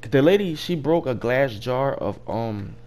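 A man's voice: mid-range voice, lively intonation, measured pace, darkish tone. A young man casually telling a work story, rambling and profane, with loose restarts. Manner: rambling, profane, laughing at his own story.

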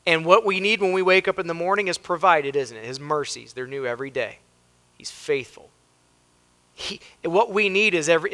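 An American pastor delivers an animated sermon in a church, his voice a little higher than most men's. He reads scripture with weight and slips into lively voices for the people in the story. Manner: emphatic preaching, reads scripture aloud and acts out voices. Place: church sanctuary.

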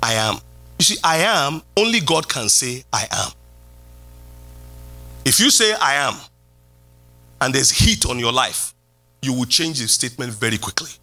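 A middle-aged man, a pastor, preaching a sermon in a church. He repeats key phrases and swings from loud calls down to quiet lines. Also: expressive, unhurried, pauses often. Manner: preaching with sweeping pitch jumps and repeated phrases. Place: church hall.

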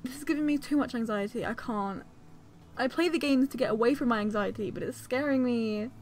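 A woman's voice: fairly high pitch, brisk, soft background music. A woman giving let's-play commentary, talking to herself in a fretful, anxious way while she plays. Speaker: gaming channel host.

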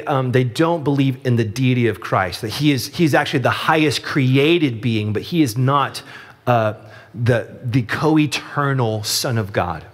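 Man preaching from Texas, echoing hall. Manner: conversational storytelling, animated rises in pitch. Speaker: pastor. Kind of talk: sermon. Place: church sanctuary.

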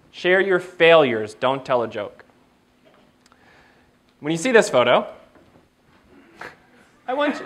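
A man giving a motivational keynote speech at a training event, telling stories in an animated way, laughing often and acting out dialogue. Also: fairly high pitch. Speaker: keynote speaker.

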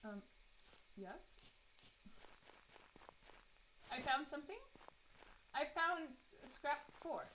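A woman's voice: high voice, lively intonation, drawn-out words, long pauses, a bit bright, a little hiss or hum. A woman streaming a horror game, chatty and giggly as she talks to herself and her chat. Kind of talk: live let's play commentary.

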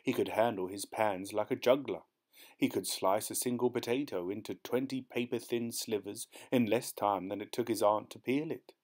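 A man narrating an audiobook in a measured storytelling manner. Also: fairly low pitch, darkish tone.

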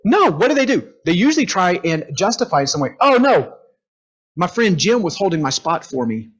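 A man leading a group class in a conversational lecture, animated, asking the room questions and acting out quotes. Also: high voice, brisk, breathy edge. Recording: dull lo-fi room recording.

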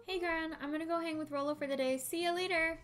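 A woman voicing a cheerful, evasive boy in a game, talking quickly and loudly. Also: extremely high pitch, fairly even intonation, faint music behind, pitched above the performer's own voice. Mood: breezy. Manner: quick, loud and upbeat. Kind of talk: reading game dialogue aloud.

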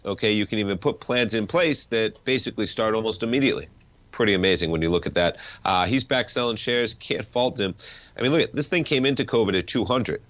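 A man's voice: lowish voice, a bit bright. Stuffy-nosed man hosting market talk. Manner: conversational, wry, rambling asides. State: stuffed-up nose. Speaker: financial talk show host. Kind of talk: casual market commentary.

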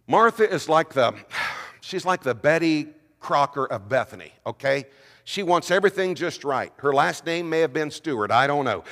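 A man preaching, telling a story with lively, playful asides. His voice sits a little high. A long reverb from the sanctuary trails every line. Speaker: senior minister. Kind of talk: sermon. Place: church sanctuary.

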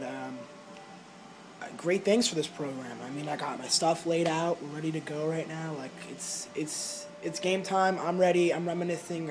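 A young man with a slightly high voice rambles earnestly through a mock-serious hockey vlog. He stumbles over repeated words and builds toward fired-up game talk. A faint hiss sits under the recording. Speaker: hockey player.

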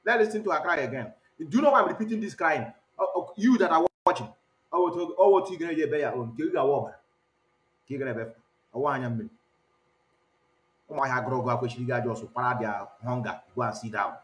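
A man's voice: mid-range voice, fairly quick, fairly bright tone, echoey room. A man hosting the show, mocking the clips he plays and switching between Igbo and English. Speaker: host. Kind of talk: commentary on played clips.

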